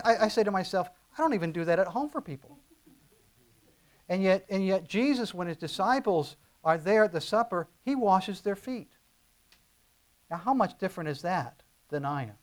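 A middle-aged pastor preaches in a loose, conversational sermon style. His voice is fairly high for a man and climbs into emphatic bursts, and he often restarts sentences partway through a thought.

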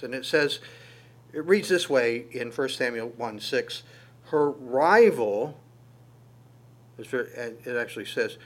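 Man preaching with frequent restarts. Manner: animated, jumps in pitch and loudness on key lines; stammers and restarts phrases often. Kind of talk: conversational sermon.

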